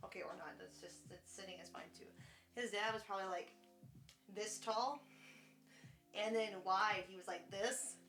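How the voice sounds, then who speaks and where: A woman livestreaming, chatting casually, thanking subscribers and talking in a high sing-song baby voice to her dog. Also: moderate pace, pauses often, a bit bright, faint music behind.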